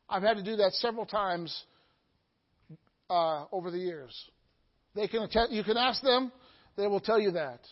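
A middle-aged pastor preaching with a very high voice, moving from hushed asides to loud, soaring exclamations. He keeps checking in with his congregation by asking "Amen?" The sound is dull and muffled. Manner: call-and-response preaching, asking "Amen?" often. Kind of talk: sermon.

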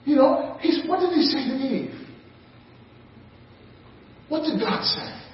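Echoey, high-voiced preacher from afar. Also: male voice, big pitch swings, takes it slowly, slight background noise. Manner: conversational, with rhetorical questions. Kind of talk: sermon. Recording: echoey, muffled room mic from a distance.

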